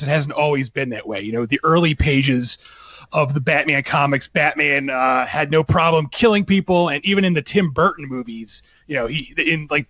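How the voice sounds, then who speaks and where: A man's voice: on the high side, fairly bright tone, no room sound, dull audio. A man co-hosting a casual podcast, chatty and laughing often, with lots of fillers. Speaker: podcast co-host.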